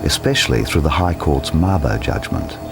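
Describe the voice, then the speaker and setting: Deep gravelly man narrating over music. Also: animated, normal speed. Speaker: documentary narrator. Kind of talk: scripted narration.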